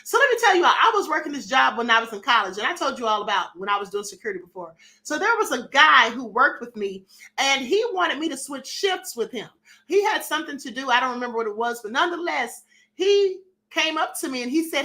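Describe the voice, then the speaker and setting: A middle-aged woman hosting a casual live stream, sassy and animated, acting out little dialogues and reading chat comments. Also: high-pitched, a little fast.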